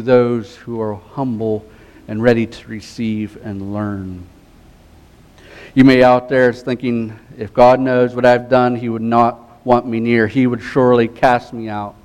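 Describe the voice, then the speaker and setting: Middle-aged guy preaching, earnest, goes real soft and quiet on the big lines, normal pitch. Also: rough recording. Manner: earnest preaching, drops to a soft hush on key phrases. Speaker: pastor. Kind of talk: sermon.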